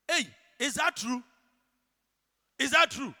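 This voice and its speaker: A man with a Ghanaian accent preaching a sermon, shouting one moment and hushed the next. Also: very high-pitched, expressive, unhurried. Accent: Ghanaian English. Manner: dramatic, swings from shouting to hushed. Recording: church hall reverb.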